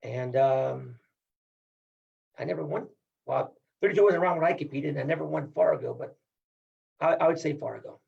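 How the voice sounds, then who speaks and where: A man's voice: fairly high pitch, normal speed, gravelly, long pauses, highs cut off. A middle-aged man from Iowa, a wrestling coach, talking in a casual podcast interview in an emphatic, upbeat, folksy way.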